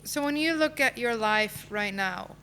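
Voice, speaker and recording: A woman hosts a podcast and puts short questions to her guest with empathy. Her voice sits high and her speech is slow and unhurried. Faint background noise runs under her voice. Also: lively intonation, sharp tone. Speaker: podcast host.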